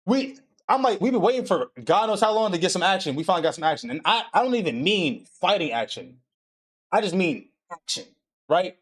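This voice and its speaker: A young man retells an anime episode for his stream, swearing freely and acting out each character's lines. His voice sits a little high for a man. He talks in a loose, excitable run. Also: a little fast. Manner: animated, profane storytelling with acted-out quotes. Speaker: podcast host recapping an anime. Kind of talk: casual chat.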